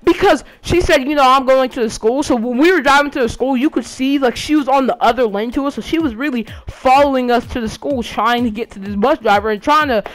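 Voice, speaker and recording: A woman's voice: high-pitched, a little fast, few pauses. Rambling teenage girl telling a story. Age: teens. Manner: rambling, many restarts and fillers. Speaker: student vlogger. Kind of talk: casual storytelling. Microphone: game console headset.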